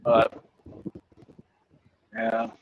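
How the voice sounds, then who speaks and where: A man hosting a casual podcast chat, talking in an animated, rambling, profane way. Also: drawn-out words, dull audio. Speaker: host.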